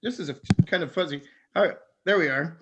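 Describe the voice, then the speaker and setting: A man's voice: on the high side, quick pace, background noise. A man from Southern California doing rambling stand-up comedy over a video call, stammering through restarts and laughing at his own jokes. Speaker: stand-up comic.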